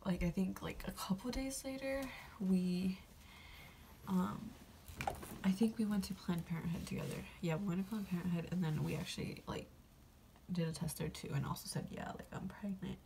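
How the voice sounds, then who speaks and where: A woman's voice: fairly low pitch, moderate pace, vocal fry, warm tone, slight background noise. A young woman vlogger casually telling a personal story, rambling with lots of fillers and getting emotional. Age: young adult.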